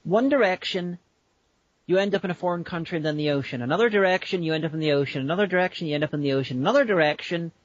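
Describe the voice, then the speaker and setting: A woman's voice: lowish voice, rapid-fire, no echo. A woman with a Northern Irish accent, co-hosting a podcast in casual chat with wry, dry humor. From Northern Ireland. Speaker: podcast co-host. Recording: dull lo-fi dry sound.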